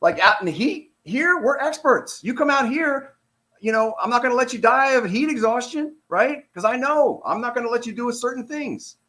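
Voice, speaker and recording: A man's voice: very high-pitched, lively intonation, normal speed, sharp tone. A middle-aged man, a retired police officer, gives casual commentary on a released document. He talks in an exasperated, sarcastic, rambling way.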